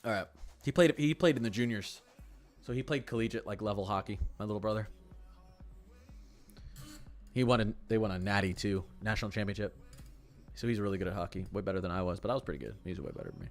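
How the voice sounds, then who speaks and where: Excitable young male weather streamer. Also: on the low side, fast talker, long pauses, soft background music. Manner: chatty, excitable, heavy use of "like". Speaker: weather livestream host. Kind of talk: casual live-stream chat.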